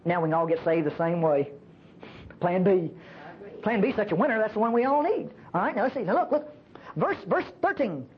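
A woman preacher giving a sermon at a church service, emphatic and animated, often asking the congregation rhetorical questions. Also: mid-range voice, fairly quick, highs cut off, a little hiss or hum.

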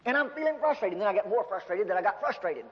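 Male preacher, high voice, lively folksy sermon delivery, dull recording with long church reverb. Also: racing. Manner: animated, folksy storytelling with humor.

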